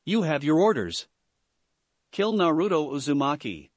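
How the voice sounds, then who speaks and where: A smug, scheming ninja villain who mocks his foes, as a man puts him on in a story reading. The voice sits fairly high and moves around a lot. The sound is dry and close. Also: very animated, measured pace, dry recording. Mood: menacing. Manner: mocking, smug.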